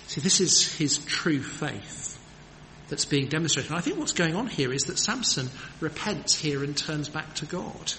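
A man's voice: fairly high pitch, lively intonation, normal speed, sharp tone. A man preaching a sermon in an earnest, emphatic manner, with rhetorical questions. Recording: long hall reverb, faint background noise.

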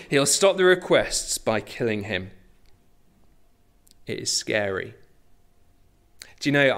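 Animated preacher. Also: male voice, mid-range voice. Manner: conversational and animated, with asides and self-deprecating humour. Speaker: pastor. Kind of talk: sermon.

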